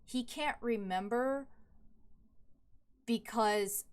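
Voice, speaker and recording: A woman narrating as dungeon master of a tabletop role-playing game, relaxed and joking. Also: fairly high pitch, drawn-out words.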